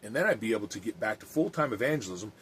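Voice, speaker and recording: A man's voice: lowish voice, animated, very fast, a bit bright, a little hiss or hum. A man who is an evangelist and podcast host, talking earnestly and plainly with some restarts and reading aloud.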